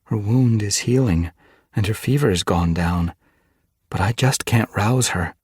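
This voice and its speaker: A man voicing a worried, stubborn female medicine cat in a storybook reading, raising his voice high and pleading. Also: measured pace, a little mellow, husky, no echo, studio quality. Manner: raised pitch for a she-cat, earnest and pleading.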